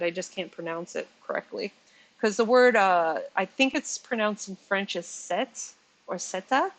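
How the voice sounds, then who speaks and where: A woman in her forties hosts a casual commentary vlog, chatty and exasperated, frequently laughing and correcting herself when she stumbles over words. Her mid-range voice is a bit bright, and the audio is poor.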